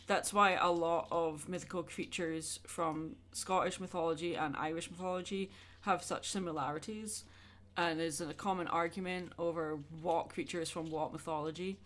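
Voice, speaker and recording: A woman's voice: lowish voice, steady tone, normal speed, few pauses, a bit bright. A young woman chatting casually with her viewers during a drawing livestream, rambling and answering questions as she goes. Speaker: art streamer.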